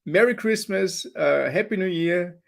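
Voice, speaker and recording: A hoarse man hosting an online developer meetup, his voice gravelly with fry. He talks in a chatty, halting way, full of ums and restarts, heard over a video call. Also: high voice. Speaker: meetup host moderating Q&A.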